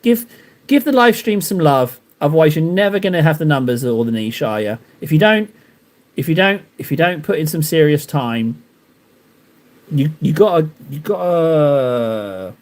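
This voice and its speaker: A man's voice: a little high, lightly acted. A man voicing his own pushy inner voice, taunting and insulting himself as a quitter in a mock pep talk. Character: man's own harsh inner voice berating himself.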